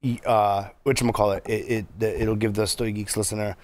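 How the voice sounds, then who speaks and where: A man's voice: fairly low pitch, flat delivery, brisk, a little mellow. A man hosting a casual podcast, joking around, laughing easily and asking loose, rambling questions. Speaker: podcast host.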